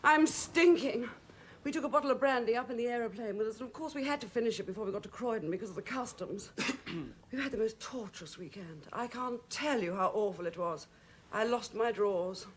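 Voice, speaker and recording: A woman's voice: on the high side, a little fast, a little hiss or hum, natural voice. An actress playing a brash, tipsy society woman in a period television drama, gushing in affected upper-class chatter.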